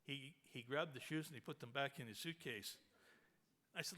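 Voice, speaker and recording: A man delivers a funny story at a memorial in a medium-pitched, fairly quick voice, animating the telling and laughing as he goes.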